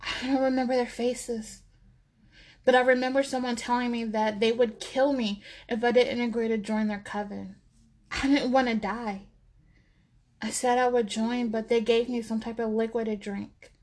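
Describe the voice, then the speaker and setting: A woman reading the lines of a shy, shaken young woman student who speaks softly and hesitantly. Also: on the high side, fairly even intonation, moderate pace, lightly acted. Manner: soft, hesitant.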